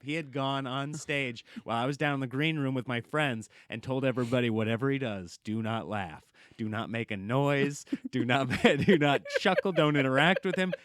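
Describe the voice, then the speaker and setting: A man, a comedian guest on a podcast, telling a long story in a lively, casual way and acting out the quotes. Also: medium pitch, clean tone, dry recording, studio quality. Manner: animated storyteller, acts out quotes, laughs often.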